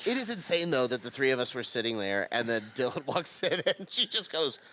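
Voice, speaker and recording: A man's voice: mid-range voice, sing-song, a little fast, bright, forceful tone, slight background noise. A man co-hosting a casual podcast, swearing and bantering. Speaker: podcast co-host.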